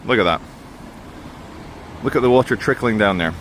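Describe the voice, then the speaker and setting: A man from Brazil with a British upbringing vlogs on foot through a town, his fairly low voice carrying a fairly bright tone at a moderate pace. Street noise comes through as he chats in a rambling, opinionated way, often correcting himself.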